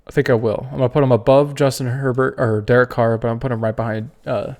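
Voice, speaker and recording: A man's voice: medium pitch, steady tone, quick pace, a little mellow. A man hosting a casual sports tier-list video, ranting with strong opinions and the odd curse. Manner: opinionated, fired-up ranting with cursing. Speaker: podcast host.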